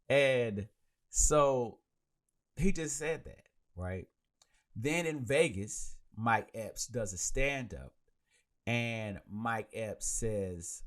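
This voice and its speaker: A man hosting a podcast live, chatting casually and rambling, speaking into a handheld mic. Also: mid-range voice. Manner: animated and rambling, with many restarts. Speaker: podcast host. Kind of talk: casual chat on a live stream.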